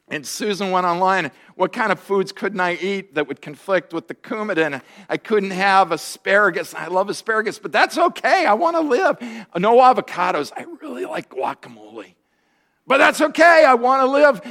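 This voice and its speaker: A man in his fifties preaching a sermon, telling personal stories with humor and acting out the lines of each person in them. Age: 50s. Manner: storytelling with humor, voice jumping high and loud in quoted lines. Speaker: pastor.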